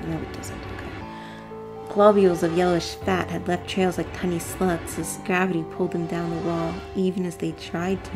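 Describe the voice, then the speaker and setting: Lower-voiced woman reading a visual novel. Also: flat delivery, normal speed, music in the background. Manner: dry asides between dramatic reading. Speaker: let's play narrator.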